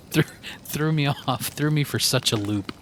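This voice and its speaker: A man co-hosting a podcast, telling crude, animated stories in casual chat. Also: on the high side, background noise. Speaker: podcast co-host.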